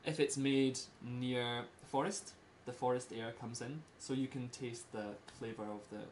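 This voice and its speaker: A man's voice: mid-range voice, fairly even intonation, darkish tone. Scottish guy chatting to a small group, easygoing, chuckles a lot, slight hiss behind. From Scotland. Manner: simple slow wording, laughs often. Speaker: presenter giving a talk about Scotland. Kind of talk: casual presentation to a small group.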